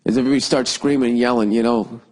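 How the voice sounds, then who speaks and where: A man's voice: mid-range voice, fairly even intonation, rapid-fire, a little mellow. A man hosting a solo podcast, rambling and sarcastic, swearing constantly, with a lingering cough. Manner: profane, sarcastic, riffing. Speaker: podcast host.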